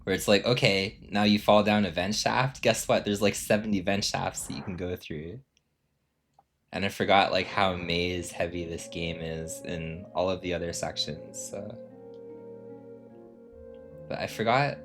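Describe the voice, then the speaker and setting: A man streaming a video game, chatting loosely with lots of fillers and self-amused asides. His voice sits low. Faint game music plays underneath. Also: steady tone, measured pace, a bit bright. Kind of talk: casual game commentary.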